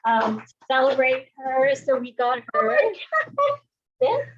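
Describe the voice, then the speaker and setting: A woman organizing a poetry event, announcing in a casual, halting way with fillers. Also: high-pitched, fairly even intonation, lo-fi sound, a little hiss or hum.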